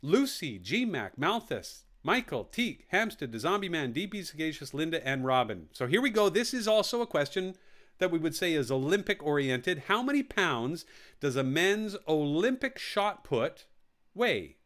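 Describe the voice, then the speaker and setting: A man hosts a live quiz, reading out each question and its four answer options and then repeating them. He drops jokey asides between questions. His voice sits fairly high and swings up and down a lot. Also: sing-song, normal speed, a bit bright. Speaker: quiz host. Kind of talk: live online quiz hosting.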